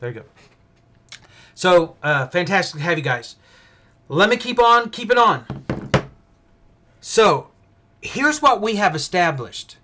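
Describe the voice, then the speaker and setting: A man's voice: sits high, big pitch swings, unhurried, long pauses, sharp tone. A man hosting a casual livestream Bible study, thinking aloud with frequent restarts and fillers.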